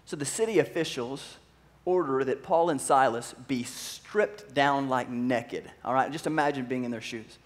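A male pastor preaches animatedly, acting out voices and posing questions to his audience. His voice is mid-range and his speed is normal.

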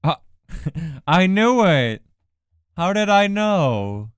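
A man streaming a game live, talking in casual banter, mostly drowsy and mumbling but breaking into loud excited outbursts, teasing his co-host. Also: a little high, extremely slow, clean tone, no echo, studio quality. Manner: playful teasing.

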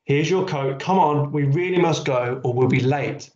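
A man's voice: a little high, moderate pace, a little mellow, pitched above the performer's own voice, natural voice. A man voicing a busy young mother who urges her son along in a storybook read-aloud. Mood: coaxing. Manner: urging, a bit cross. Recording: echoey, dull school hall recording.

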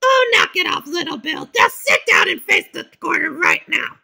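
A woman's voice: extremely high pitch, big pitch swings, normal speed, creaky, bright, forceful tone, heavily acted. A woman voicing a stern female kindergarten teacher who scolds and bosses her class, in a fan-made cartoon. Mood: scolding. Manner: scolding, bossy.

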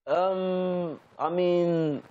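A man's voice: high voice, fairly even intonation, very slow, darkish tone, highs cut off. A man with a London accent, a guest musician chatting casually in an interview, laid-back and hesitant with many fillers. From Nigeria.

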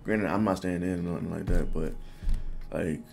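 Gravelly-voiced young man telling a story. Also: low-pitched, moderate pace, soft background music. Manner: animated, loose slangy talk full of "bro". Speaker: vlogger. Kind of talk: casual storytelling.

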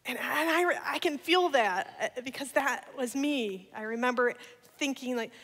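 A woman delivers an energetic, humorous church talk. Her voice is bright and fairly high. The sound carries a long reverb, as from a church hall. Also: measured pace. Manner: energetic, laughing, playful asides. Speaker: guest speaker.

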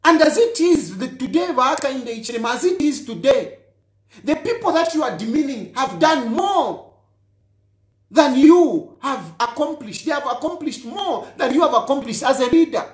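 A Zambian politician with a very high, sing-song voice speaks at a moderate pace in a reverberant space. His monologue is heated and accusatory, aimed straight at his listener, and he drives his points home through repetition.

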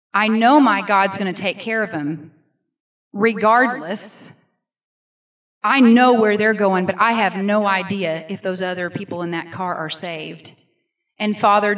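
Middle-aged woman, earnest church testimony, emphatic storytelling, distant mic in a sanctuary. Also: medium pitch. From Missouri, USA. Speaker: guest speaker. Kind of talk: personal testimony sermon. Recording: voice picked up from a distance.

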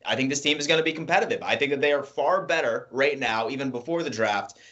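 A man co-hosting a sports show, giving measured, emphatic football analysis. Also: medium pitch, a bit bright, dull audio. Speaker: sports podcast co-host.

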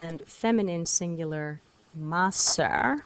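Woman teacher, video lesson; patient, encouraging, slightly low voice, repeats words for students. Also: slow pace, clear, resonant tone. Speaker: French teacher.

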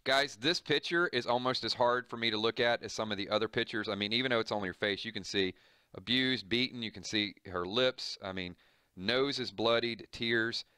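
A man's voice: on the low side, normal speed, bright, forceful tone, clear, resonant tone, no echo, clean studio sound. A man reading a comic book aloud and explaining it, moving from the panels to casual, serious commentary.

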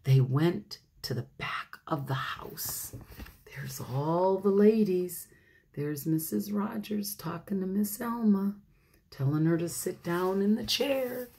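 A woman pastor reading a picture book aloud to children, animated, laughing often and talking to her listeners. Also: lowish voice, slow, slightly rough.

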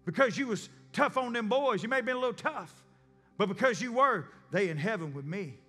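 A man doing a booming stern evangelist. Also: lively intonation, a little fast, exaggerated voice. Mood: emphatic. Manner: loud, preachy, folksy drawl. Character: stern Southern male evangelist, strict father. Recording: long church reverb, faint music.

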